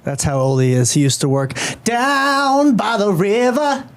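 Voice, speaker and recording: A man's voice: sits high, lively intonation, a little slow. A young man giving teasing, wry commentary while reacting to a video. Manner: wry, teasing, dry remarks.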